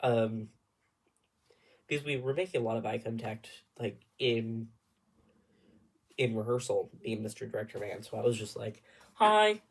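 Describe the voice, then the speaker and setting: A young man with a husky, breathy voice spins a rambling story straight to camera. He talks casually and animatedly, often dropping into a whisper for asides. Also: lowish voice, steady tone, normal speed, long pauses, a little mellow. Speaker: vlogger.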